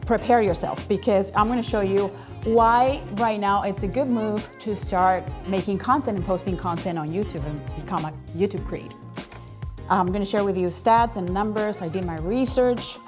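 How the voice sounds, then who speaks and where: A woman hosting a live stream, talking in an energetic, chatty way with plenty of fillers. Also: medium pitch, normal speed, music in the background. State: out of breath. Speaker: host.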